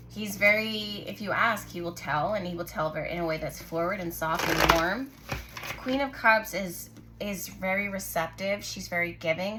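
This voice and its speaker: A woman hosting her own channel, giving a casual tarot reading to camera in a soft, musing way, often pausing to say what she senses. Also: medium pitch, a little hiss or hum. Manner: musing, intuitive, lots of "like" and "I just heard". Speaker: tarot reader and channel host.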